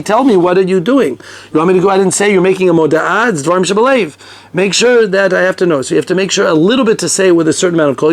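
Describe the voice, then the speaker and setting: A man teaching a conversational halacha lesson, animated and talkative, mixing Hebrew and Yiddish terms into his English. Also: a little high. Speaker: Torah teacher.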